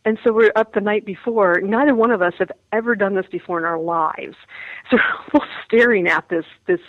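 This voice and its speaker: A woman's voice: mid-range voice, fairly quick, no echo, phone-quality sound. A woman, an actress, chatting in an interview, laughing often and restarting her words. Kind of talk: casual interview chat.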